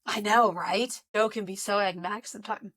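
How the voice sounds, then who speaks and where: A woman co-hosting a casual podcast chat with a hoarse voice, telling stories in a chatty way. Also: mid-range voice, steady tone, brisk, fairly bright tone. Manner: chatty, storytelling. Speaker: podcast co-host.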